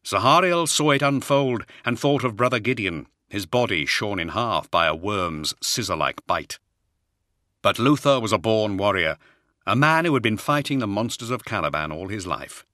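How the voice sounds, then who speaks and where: A man narrates a war audiobook in a lowish voice with a bright, forceful edge. His reading is dramatic, and he pushes his voice up for the shouted battle cries. The recording is close and dry. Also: lively intonation, normal speed, no room sound. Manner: dramatic, raises voice for shouted lines.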